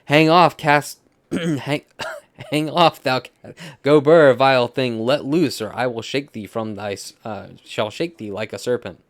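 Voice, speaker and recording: A man loudly reading the lines of a scornful, quarrelsome young man, with stumbles. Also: medium pitch, measured pace, dry recording, studio quality. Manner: loud stumbling dramatic reading.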